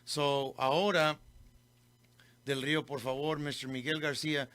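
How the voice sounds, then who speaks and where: A man's voice: on the high side, flat delivery, moderate pace, fairly bright tone, no room sound. A man hosting a local radio show, telling a story and switching between English and Spanish. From Del Rio, Texas. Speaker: radio host. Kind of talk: casual radio talk.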